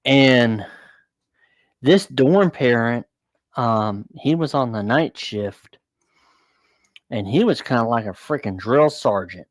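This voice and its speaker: A man's voice: medium pitch, expressive, takes it slowly, long pauses, no room sound, clean studio sound. A man hosting a casual chat, telling a long personal story in a rambling, blunt way with fillers and swearing.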